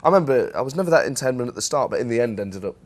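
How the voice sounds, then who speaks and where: A man hosts a comedy sports panel, his pitch swinging widely as he tells stories. He slips into quick impressions of the people he describes. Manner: animated storytelling, mimics people he describes. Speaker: host.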